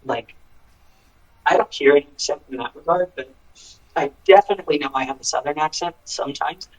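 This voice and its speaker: An American country singer, a man whose voice is a little high and fairly quick, appears as a guest in a casual interview on a rough recording. He speaks earnestly and thoughtfully, often restarting and filling gaps with "um" and "you know."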